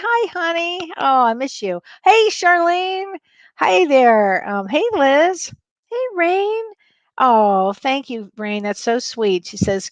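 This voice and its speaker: A woman's voice: on the high side, no room sound. A woman who is a spiritual medium, hosting a live-stream show in a casual chat style, bubbly and greeting viewers by name with frequent laughs.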